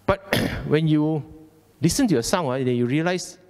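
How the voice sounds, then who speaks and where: In a temple hall, a Buddhist Dhamma speaker with a Malaysian English accent gives an informal, chatty talk in colloquial style, repeating phrases and frequently asking "okay?". His voice is a little high and darkish, at normal speed, with a long reverb tail.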